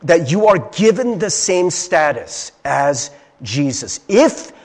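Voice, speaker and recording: A man's voice: on the high side, very animated, slow pace. A young man from Ohio preaching a conversational sermon, earnest and confiding, often checking in with his listeners. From Ohio, USA.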